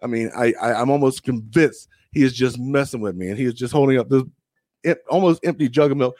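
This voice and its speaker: A young man spins a long, profane anecdote in loose, drawling chat. His voice sits at a middle pitch. It comes across dry and close, with no room sound. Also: moderate pace, a little mellow, no echo. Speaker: podcast co-host. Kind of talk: casual storytelling chat.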